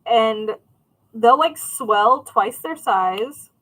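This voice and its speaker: A young woman chats loosely with her live viewers while she works on a craft, reading their comments aloud and answering as she goes. Her voice sits a little high, and she rambles through stories with plenty of "like" and "um" along the way. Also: lively intonation, drawn-out words, fairly bright tone, low-quality recording. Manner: chatty, rambling, reads and answers chat. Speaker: crafting livestream host. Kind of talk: casual chat with live viewers.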